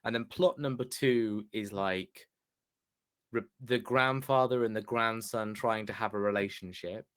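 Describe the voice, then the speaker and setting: A man with a low, smooth voice co-hosts a podcast review in casual chat. He talks loosely and hesitantly, leaning on "like" and "kind of", and the sound is dry and close. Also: fairly even intonation, unhurried, fairly bright tone, no echo. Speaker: podcast co-host reviewing films.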